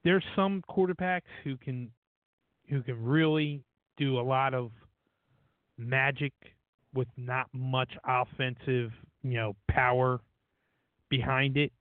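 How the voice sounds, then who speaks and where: A man's voice: mid-range voice, slow pace, pauses often, no echo. A man co-hosting a casual sports talk show, opinionated and leaning on "you know". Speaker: podcast co-host. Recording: dry, tinny phone-like audio.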